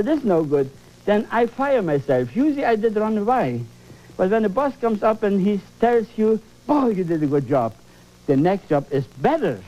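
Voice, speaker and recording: A man leads a televised painting lesson, exclaiming, coaxing, and repeating phrases for emphasis. His voice is high-pitched and mellow, and the audio is dull.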